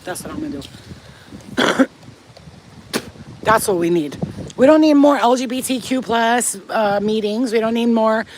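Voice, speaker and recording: A woman's voice: fairly high pitch, animated, slow pace, long pauses, rough recording. A woman vlogger ranting casually and bluntly at home, swearing freely and getting heated about bills and neighbors. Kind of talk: casual rant to camera. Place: rented house, indoors.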